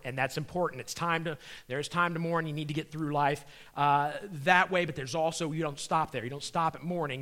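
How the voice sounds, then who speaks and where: Middle-aged man, comedian, Christian talk, animated storyteller, slightly high, bright forceful voice. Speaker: comedian and magician speaker.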